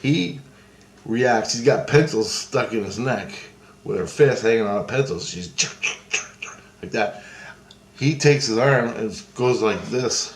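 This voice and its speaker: A man casually recounts a dream in a rambling, profane way, restarting often and talking as if gesturing with his hands. His mid-range voice is slow and full of pauses, and the recording has a roomy echo with faint ambience.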